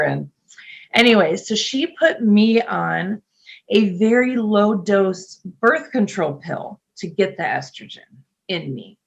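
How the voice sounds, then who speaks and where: A middle-aged woman speaks as a guest in a relaxed interview, chatty and full of fillers. Her voice carries a gravelly, creaky texture at a mid pitch. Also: measured pace. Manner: chatty, laughs often, many fillers. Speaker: nurse and podcast guest. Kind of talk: casual interview talk.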